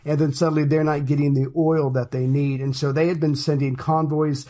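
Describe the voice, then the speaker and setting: A man's voice: fairly high pitch, flat delivery, a little fast, dark tone. A man co-hosting a casual history podcast, explaining things step by step in a chatty way. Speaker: podcast co-host.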